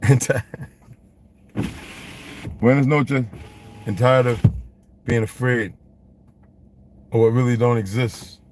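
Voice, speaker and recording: A man's voice: medium pitch, steady tone, takes it slowly, long pauses, a little mellow, a little hiss or hum. Blunt, profane man ranting at home. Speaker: channel host. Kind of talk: casual rant and reading aloud.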